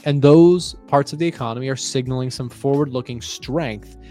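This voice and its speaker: A man's voice: medium pitch, normal speed, dark tone, faint music behind. Man hosting market commentary. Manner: conversational, explains and asks questions. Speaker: trading show host.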